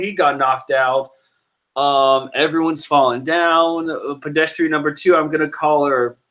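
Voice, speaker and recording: A man giving casual, excitable commentary while reading a comic chapter, rambling and laughing often. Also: a little high. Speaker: manga reaction vlogger.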